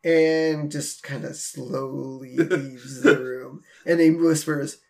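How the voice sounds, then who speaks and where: A man's voice: on the high side, slow, creaky. A man co-hosting a podcast, chatting casually and animatedly as he recaps a cartoon episode, slipping into quoted lines. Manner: animated, quotes lines in a put-on voice, trails off into fillers. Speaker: podcast co-host.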